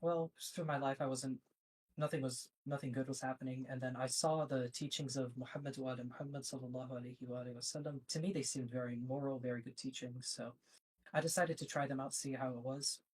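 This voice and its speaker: Fast-talking male caller, casual. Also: medium pitch, fairly even intonation, slightly rough, rough recording. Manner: casual, hesitant with fillers. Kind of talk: live call-in debate.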